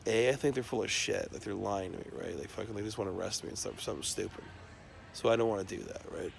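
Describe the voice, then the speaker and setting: A man's voice: lowish voice, quick pace, gravelly, slight background noise. A man talking off the cuff in a rambling, profanity-laced stream of talk. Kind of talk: unscripted monologue to camera.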